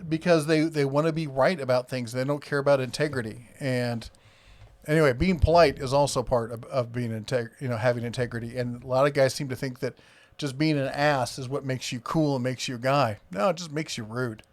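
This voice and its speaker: A man's voice: medium pitch, fairly quick. A man with an Iowa accent hosting a live stream, rambling casually, reading viewer comments aloud with many fillers.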